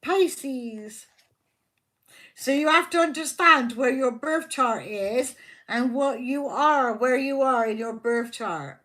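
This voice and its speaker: A woman hosting a live tarot stream, talking to her viewers in a loose, rambling way. Her voice sits a little high and she takes her time, circling back over the same points. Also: slow, a bit bright. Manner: rambling, chatty, repeats herself; talks to viewers by name, affectionate. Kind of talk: casual live-stream chat.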